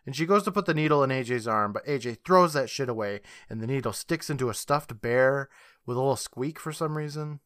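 A man co-hosting a podcast, recapping a TV episode in casual, animated chat and laughing often. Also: medium pitch, brisk, dry recording, clean studio sound. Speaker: podcast co-host.

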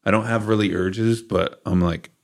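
A man's voice: on the low side, moderate pace, vocal fry. A middle-aged man, a rock guitarist as guest, telling his story candidly in a studio, livening up when he acts out his own past words. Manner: candid, animated in quoted asides. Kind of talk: casual storytelling.

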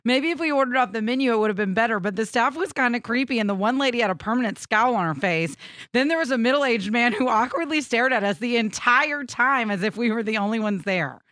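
A talk show co-host with a bright, mid-pitched voice, reading out listener reviews and spinning funny stories. The delivery is playful and chatty. The recording is close and dry. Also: animated, quick pace, dry recording. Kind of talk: casual comedic banter.

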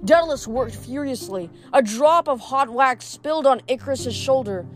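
A woman's voice: sits high, moderate pace, soft background music. A woman reading chapters of a novel aloud, often stumbling over words and restarting. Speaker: reader.

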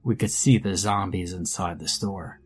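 A man narrating a first-person horror story in a measured, grim storytelling manner. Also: deep voice, steady tone, breathy edge. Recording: faint background music under narration.

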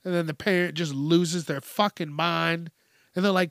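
A man's voice: fairly high pitch, steady tone, normal speed, fairly bright tone, no echo, clean studio sound. A man hosting a podcast, ranting bluntly and with heavy profanity, laughing often as he goes. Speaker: podcast host. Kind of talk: casual comedic rant.

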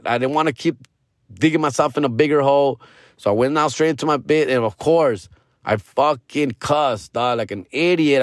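A man's voice: a little high, fairly bright tone, dry recording. Slangy, cussing middle-aged man, dry mic. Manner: profane, slangy, peppered with "fool" and "dog", drops into Spanish slang. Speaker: stand-up comedian and podcast host. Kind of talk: casual storytelling monologue.

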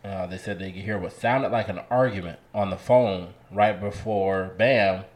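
A man's voice: low voice, normal speed, a little mellow. A man co-hosting a casual podcast, reading a news report aloud in a plain, matter-of-fact way with uh and um fillers. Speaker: podcast co-host.

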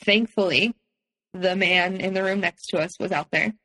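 A woman on a podcast recounting a personal experience candidly, in a steady conversational way with frequent "um" fillers. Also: on the low side, moderate pace, poor audio. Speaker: podcast guest.

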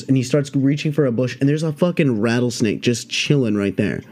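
A man's voice: mid-range voice, lively intonation, brisk, few pauses, darkish tone. A man telling a story to his listeners in loose, casual speech. He swears freely and leans on fillers as he rambles along, in an ordinary mid-range voice. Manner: profane, rambling, filler-heavy. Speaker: podcast host.

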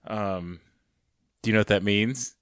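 A man co-hosting a podcast in casual chat, laid-back and quick to laugh. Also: on the low side, fairly bright tone, clean tone, no echo. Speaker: podcast co-host.

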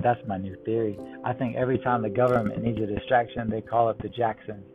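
A man reading a run of one-liner jokes in a deadpan way. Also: lowish voice, fast talker. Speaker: joke teller. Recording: tinny phone-like line with music behind. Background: music.

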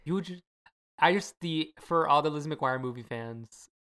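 Low-voiced woman co-hosting a podcast, wry and rambling. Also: normal speed, fairly bright tone. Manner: chatty, sarcastic, lots of fillers. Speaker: podcast co-host. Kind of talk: casual chat.

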